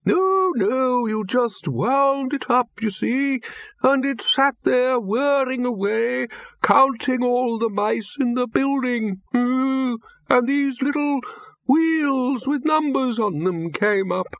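A man's voice: very high-pitched, a bit bright, no room sound, pitched above the performer's own voice, full character voice. A man voicing a frail, fretful ancient wizard in a wheelchair, in an audiobook reading. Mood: rambling. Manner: quavering, fretful and slow.

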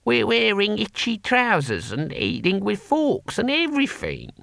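A man's voice: high voice, huge pitch swings, unhurried, vocal fry, a bit bright, no echo, studio quality, pitched above the performer's own voice, full character voice. A man voicing a puzzled old barbarian. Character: baffled old male barbarian.

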